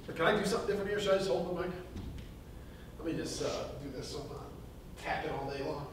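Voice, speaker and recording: High-voiced pastor in an echoey hall. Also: male voice, fast talker, pushed and bright. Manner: conversational, rambling with fillers and restarts, chuckles while telling a joke. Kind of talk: casual sermon. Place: church hall. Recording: echoey hall from far off, faint noise.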